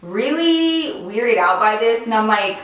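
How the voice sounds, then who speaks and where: Woman, slightly high voice, casual storytime chat, lots of "like", very echoey room, mic set back. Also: expressive, unhurried, distant mic. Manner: chatty, fillers with "like", swearing. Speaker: beauty and storytime vlogger.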